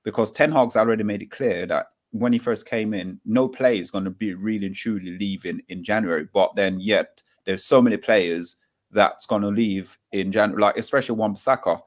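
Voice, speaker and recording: A man co-hosting a football chat talks in a low voice, hedging each point and thinking aloud as he goes. His delivery is loose and conversational. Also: normal speed. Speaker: podcast co-host. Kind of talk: casual football podcast chat.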